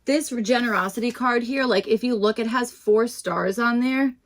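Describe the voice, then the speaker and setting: A woman's voice: a little high, moderate pace. Young woman, tarot reader, casual rambling chat with restarts and fillers. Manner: chatty and self-deprecating. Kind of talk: casual tarot reading to camera.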